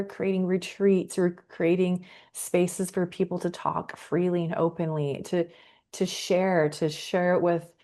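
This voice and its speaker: A middle-aged woman with a low voice chats as a podcast guest. Her tone is mellow and relaxed, and she sounds expressive and eager, often laughing as she talks. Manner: enthusiastic and expressive, laughs easily. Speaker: podcast guest, creative professional. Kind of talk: casual podcast conversation.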